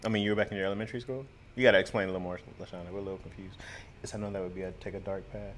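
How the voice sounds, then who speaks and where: A man from Lansing co-hosting a podcast, asking questions in quick, bantering chat. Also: deep voice, fairly even intonation, a little hiss or hum. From Lansing, Michigan. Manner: asks questions, quick back-and-forth banter. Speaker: podcast co-host. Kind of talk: casual chat.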